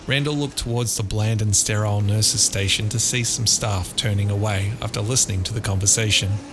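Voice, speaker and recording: A man narrating an audiobook of a dark thriller in a measured, dramatic storytelling manner. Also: lowish voice, background noise. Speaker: author and narrator. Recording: loud guitar music underneath.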